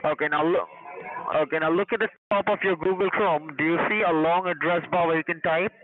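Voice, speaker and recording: A man's voice: fairly high pitch, fairly even intonation, a little fast. A man reading scripted phone-support patter over a phone line, repeating himself. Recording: tinny phone line, loud call-center crowd. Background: busy call-center chatter.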